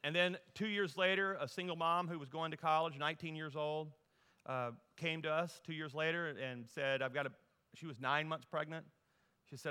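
A middle-aged man from Louisiana, preaching a humorous storytelling sermon that moves from loud to hushed. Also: a little high, normal speed, clean tone. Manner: animated, humorous, folksy, shifts from loud to hushed. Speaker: guest preacher. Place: church sanctuary. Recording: long reverb in a large hall.

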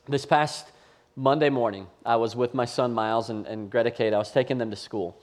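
A man's voice: medium pitch, fairly even intonation, brisk, a little mellow. Male pastor in his thirties, storytelling sermon to a live congregation, chatty and self-deprecating. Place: church campus before a live audience.

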